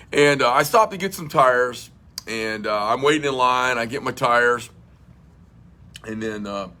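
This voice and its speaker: A man's voice: medium pitch, lively intonation, a little slow, pauses often, bright, forceful tone. A middle-aged man hosting a casual livestream chat, a rambling storyteller who swears bluntly and fills with many uhs and restarts. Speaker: host.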